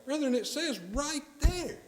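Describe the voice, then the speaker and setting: A man's voice: very high voice, a little slow. A man with a Southern US accent preaching a sermon in a church, earnest and repeating key phrases for emphasis. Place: church sanctuary. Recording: echoey church room.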